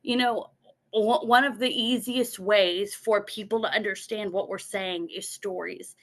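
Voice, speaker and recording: A woman's voice: mid-range voice, fairly even intonation, unhurried. A woman giving a motivational talk from her notes, earnest, repeating words as she goes and acting out her own inner voice.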